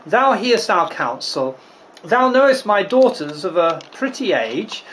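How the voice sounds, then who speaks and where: A man's voice: sits high, sing-song, measured pace, a bit bright, slight background noise, full character voice, rough recording. A man playing a stately noble lady. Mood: formal. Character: stately noble mother, composed and firm.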